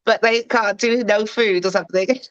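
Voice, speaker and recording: A woman's voice: mid-range voice, fairly even intonation, moderate pace, dry recording, muffled recording. A middle-aged woman and actress, chatting playfully as a guest on a talk show. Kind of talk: casual chat.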